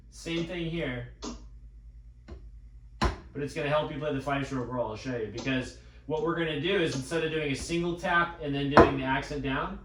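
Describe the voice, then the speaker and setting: A man with a voice on the high side coaches a drum student on a practice pad, calling out strokes while playing in a drum school room. The recording is distant and off-mic, in an echoey space with loud noise.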